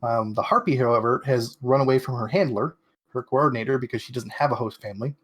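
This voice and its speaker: This young man chats casually as a podcast co-host, walking through a show's plot with lots of "um"s and quick acted-out lines. His voice sits in an ordinary middle pitch. His delivery is loose and rambling. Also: steady tone, fairly bright tone, breathy edge. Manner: rambling plot recap with many fillers and quoted asides. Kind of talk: casual chat recapping an anime episode.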